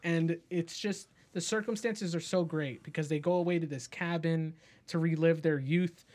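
Podcast co-host, male, slightly higher pitch, loose rambling delivery, heavy cursing. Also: fairly even intonation, normal speed, a little mellow. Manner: rambling, swears freely, acts out scenes in raised voices. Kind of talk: casual movie chat.

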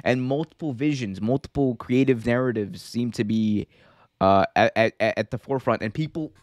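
A man's voice: medium pitch, moderate pace, no room sound, clean studio sound. Rambling man hosting a wrestling chat. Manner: loose, rambling, laughs often. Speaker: podcast host.

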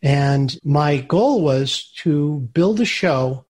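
A man, an entrepreneur and interview guest, telling business stories in a lively way. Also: fairly high pitch, very slow, husky. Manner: animated storyteller who acts out quoted voices. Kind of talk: storytelling interview answers.

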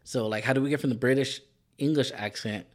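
A man's voice: medium pitch, quick pace. Rambling Californian man with a slight lisp. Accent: Californian Mexican-American. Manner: rambling, laughs often, restarts sentences. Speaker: podcast co-host. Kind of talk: casual chat.

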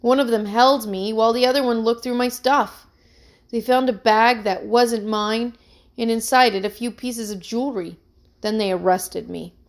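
A woman's voice: on the high side, steady tone, normal speed, close to an everyday voice. Storybook role: woman reads a nervous young musician pleading his innocence, earnest and worried. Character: anxious young man, a struggling musician accused of theft.

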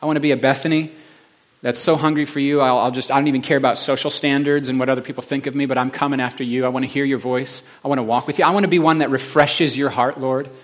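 A male pastor giving a conversational sermon that swings between quiet, reflective passages and emphatic building moments. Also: medium pitch, steady tone, quick pace.

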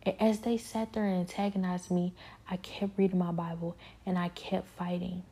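Husky low woman, earnest testimony. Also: flat delivery, normal speed, mellow. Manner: earnest, repetitive, often drops to a whisper. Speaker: speaker sharing a personal spiritual struggle. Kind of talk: personal testimony monologue.

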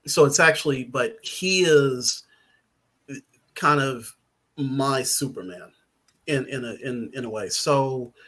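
A man's voice: mid-range voice, slow pace, pauses often, fairly bright tone. A man, a writer guest on a podcast, talking casually in a rambling, hesitant way with many fillers and restarts.

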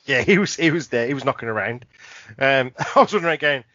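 A man's voice: medium pitch, lively intonation, fast talker, pushed and bright, dry recording, dull audio. Male podcast co-host, rambling swearing storyteller, dry room. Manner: rambling anecdote, frequent laughter and swearing. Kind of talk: casual chat.

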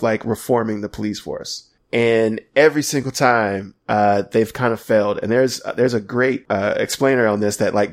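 Rambling man co-hosting a podcast. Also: medium pitch. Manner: rambling, self-interrupting, laughs often. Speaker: podcast co-host. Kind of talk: casual chat.

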